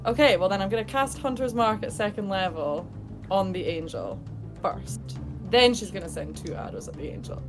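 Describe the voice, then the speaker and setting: A woman playing in a tabletop game, chatty and excitable as she describes her character's actions. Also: medium pitch, moderate pace, music in the background. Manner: excitable, chatty, laughs easily. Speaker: player. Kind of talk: casual tabletop play.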